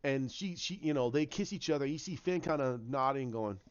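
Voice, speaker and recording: A man's voice: medium pitch, a little fast, clear, resonant tone, muffled recording. A man casually talking through a story idea, rambling with lots of restarts and acted-out bits. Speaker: fan commentator.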